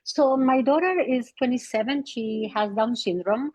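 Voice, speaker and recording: A woman's voice: on the high side, unhurried, a little mellow, dry recording, low-quality recording. Hesitant, apologetic middle-aged woman. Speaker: parent asking a question. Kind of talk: casual question on a video call. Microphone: video call.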